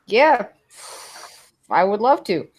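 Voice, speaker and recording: A woman's voice: medium pitch, very animated, slow. A woman hosting a casual podcast live stream, with a dry, sarcastic-sounding delivery and frequent swearing. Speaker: podcast host.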